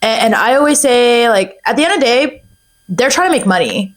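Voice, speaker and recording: A young woman talking as a podcast guest in a casual chat, chatty and animated, with many fillers. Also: fairly high pitch, a little fast. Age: young adult.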